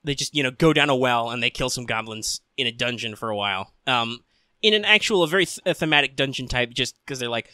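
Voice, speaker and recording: A young man co-hosting a casual podcast, rambling about an anime with plenty of swearing and deadpan quoted lines. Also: mid-range voice, quick pace, dry recording. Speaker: podcast co-host.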